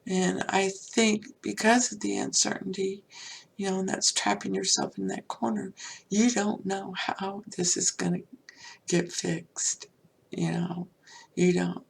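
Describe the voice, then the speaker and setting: A woman's voice: medium pitch, lively intonation, a little slow, vocal fry, slight background noise. An older woman hosting a spiritual podcast, talking personally and heartfelt in a rambling way with many fillers. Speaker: podcast host.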